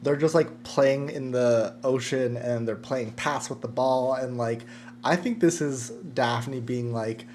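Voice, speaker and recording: A man's voice: mid-range voice, a little slow, a little mellow, a little hiss or hum. A man co-hosting a film podcast, offering his take thoughtfully with lots of "like" fillers. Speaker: podcast co-host. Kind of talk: casual film discussion.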